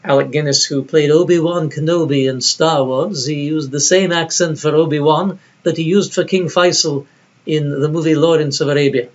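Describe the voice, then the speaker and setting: A man gives a recorded lecture in a reflective, storytelling voice. His pitch sits a little high, and the recording is dull and lo-fi. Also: fairly even intonation, moderate pace. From United States.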